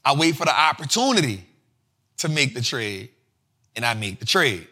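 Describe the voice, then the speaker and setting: A man's voice: mid-range voice, moderate pace. A man hosting an investing show, teaching finance terms in a casual, slangy way with lots of repetition. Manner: slangy, repetitive, animated explaining.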